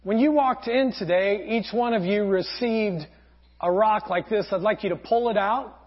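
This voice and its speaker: A man preaching a sermon as pastor, telling a parable earnestly with frequent pauses. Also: high-pitched. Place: church sanctuary. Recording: dull lo-fi sound.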